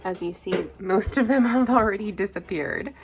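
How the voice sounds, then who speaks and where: A woman in her thirties talks through dinner prep in her home kitchen, chatty and relaxed with small laughs and fillers. Her voice sits at a middling pitch, easy and unforced. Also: moderate pace. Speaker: homestead cooking vlogger. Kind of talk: casual cooking vlog narration.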